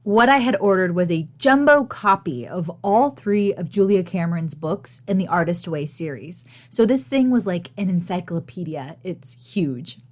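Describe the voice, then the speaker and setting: A woman hosting a solo podcast, talking in a candid, chatty, self-deprecating way, her voice gravelly and worn after losing it. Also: fairly low pitch, expressive, moderate pace, hardly any pauses, a little mellow. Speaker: podcast host and teaching artist.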